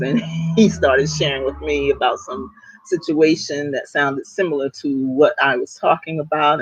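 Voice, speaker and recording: A woman's voice: sits low, no room sound, lo-fi sound. Chatty woman telling stories with laughs. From Newark, New Jersey. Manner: chatty, laughing often, many ums. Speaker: author and vlogger. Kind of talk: casual storytelling to followers.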